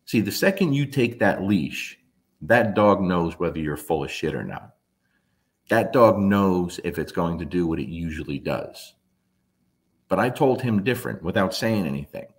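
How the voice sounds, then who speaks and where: A man in his fifties with a very low, deep voice tells a story in a blunt, emphatic way. He swears freely and keeps hammering his points home in casual talk. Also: lively intonation, moderate pace. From New Jersey. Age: 50s. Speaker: dog trainer.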